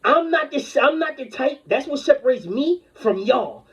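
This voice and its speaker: A man's voice: very high voice, animated, moderate pace. A man delivering an angry, rambling, confrontational rant full of profanity. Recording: dull lo-fi recording.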